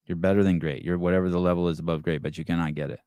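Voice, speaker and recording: A man's voice: sits low, fairly even intonation, racing, mellow, clean tone, dry recording, studio quality. A middle-aged man hosting a podcast in casual chat, profane and joking, telling stories with voiced quotes. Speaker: podcast host.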